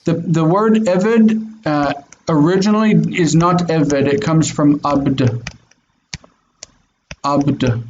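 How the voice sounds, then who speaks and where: A man's voice: on the high side, slow, hardly any pauses, a little mellow. A man teaching Hebrew in an online class, patiently explaining and affirming students with frequent "mm-hmm"s. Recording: dull lo-fi audio with faint noise.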